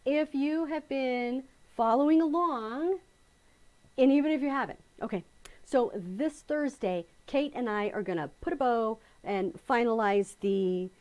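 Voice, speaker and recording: A middle-aged woman hosting a casual live quilting stream, chatting in a rambling, self-correcting way and greeting viewers by name with bright excitement. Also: a little high, rough recording. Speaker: quilting channel host.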